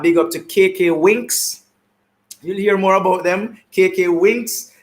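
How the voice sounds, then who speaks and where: A man with a Jamaican accent hosting an online talk show, animated and full of repeated greetings and shout-outs, heard over a video call. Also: fairly high pitch.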